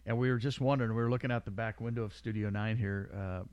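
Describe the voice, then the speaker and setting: Low-voiced joking podcast host, a man. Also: fairly even intonation, fast, a little mellow, no echo, highs cut off. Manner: rambling, joking, laughs often. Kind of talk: casual chat. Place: small studio room.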